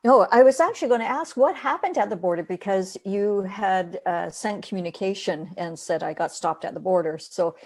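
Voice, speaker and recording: A woman's voice: medium pitch, normal speed, few pauses, darkish tone. A woman interviewing a guest in a casual way, often agreeing and murmuring assent.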